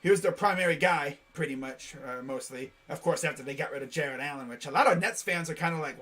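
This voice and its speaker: A man streaming casual play-by-play commentary on a basketball game, jumping between quick excited calls and rambling, jokey asides. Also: fairly high pitch. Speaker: live reaction play-by-play streamer.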